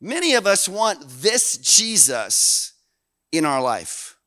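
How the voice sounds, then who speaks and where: A man from Canada preaching a sermon in an animated, folksy way, dropping low and then swelling loud. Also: slow pace, dry recording. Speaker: pastor.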